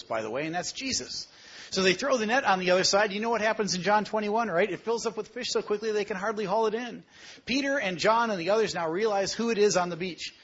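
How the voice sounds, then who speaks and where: A man's voice: sits high, a bit bright, breathy edge, highs cut off. A middle-aged man preaching a sermon, telling stories in a conversational way and asking the listeners questions. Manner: storytelling, conversational with rhetorical questions.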